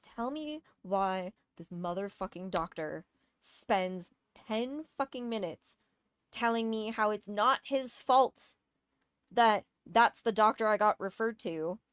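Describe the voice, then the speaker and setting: A woman's voice: mid-range voice, expressive, slow pace, clean tone, no room sound. A woman telling a personal story in a casual, exasperated rant, swearing often and hitting key words hard. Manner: exasperated, profane, emphatic.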